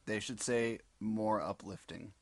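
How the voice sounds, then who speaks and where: A man's voice: on the low side, fairly even intonation, a little slow, no echo. A man co-hosting a casual comedy chat, teasing and swearing freely. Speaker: podcast co-host.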